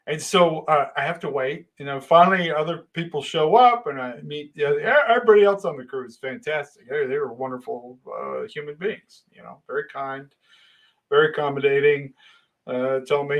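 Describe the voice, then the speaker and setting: A man's voice: on the high side, normal speed, fairly bright tone, rough recording. Rambling man telling a work story. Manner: rambling, with many restarts and dramatic voice shifts. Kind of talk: casual spoken anecdote.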